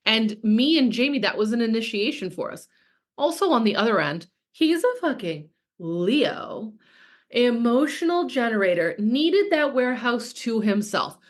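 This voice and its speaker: A woman in her thirties, a business coach talking casually and frankly with frequent swearing, reading out and answering chat comments. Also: fairly high pitch. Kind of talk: coaching call.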